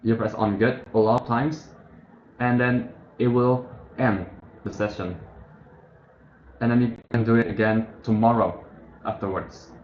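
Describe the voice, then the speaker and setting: A man's voice: mid-range voice, little pitch movement, measured pace, pauses often. Casual man explaining a study app. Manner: rambling, self-correcting, thinking aloud. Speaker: tutorial host. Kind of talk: casual screen-share tutorial. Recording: muffled, echoey room with faint hiss.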